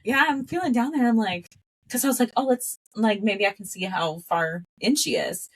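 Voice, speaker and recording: Here a woman's slightly high voice moves at a moderate pace. She's chatting as a podcast guest, recounting a story with plenty of laughter, animatedly performing what she once said.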